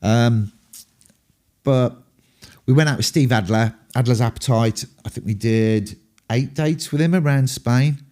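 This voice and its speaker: A man's voice: medium pitch, unhurried, a little mellow. A middle-aged man telling rambling, sweary rock stories, full of ums and asides. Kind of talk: casual storytelling to camera.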